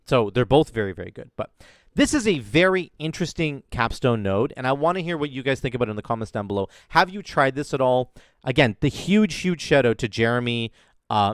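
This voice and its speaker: A man's voice: mid-range voice, dry recording, clean studio sound. A man giving enthusiastic, casual commentary over his own video game footage, explaining as he plays. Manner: enthusiastic, explains while playing. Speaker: gaming content creator. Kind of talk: gameplay commentary.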